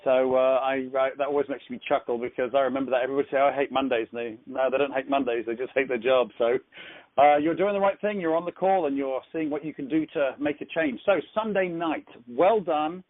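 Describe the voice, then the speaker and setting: A man's voice: medium pitch, fairly quick. A man with an English accent hosting a conference call, chatty and rambling with frequent restarts. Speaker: host of a business conference call. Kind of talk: casual motivational talk. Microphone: phone. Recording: tinny phone line.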